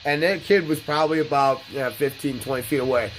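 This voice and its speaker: A man's voice: on the high side, a little fast, a bit bright, faint music behind. A man in his thirties hosting a gaming channel, telling stories in a blunt, boastful and profane way. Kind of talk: casual storytelling over gameplay.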